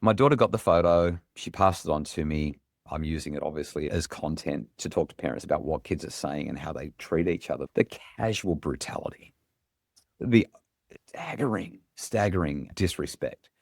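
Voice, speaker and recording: A middle-aged Australian man, a parenting expert, telling a story in earnest, animated podcast conversation. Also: a bass voice, normal speed, creaky, dry recording, studio quality.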